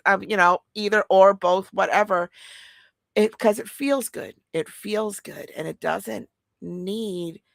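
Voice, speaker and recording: A woman chatting casually as a podcast co-host, giggly and animated as she tells a story. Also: fairly low pitch, gravelly, no room sound. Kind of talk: casual chat.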